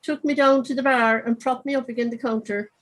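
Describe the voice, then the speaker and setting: A woman's voice: sits high, fairly even intonation, a little fast, natural voice, poor audio. A woman reading as a wry dead Cork man. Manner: wry, chatty storytelling. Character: dead Cork man narrating wryly from his urn. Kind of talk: reading aloud from her novel. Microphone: video call.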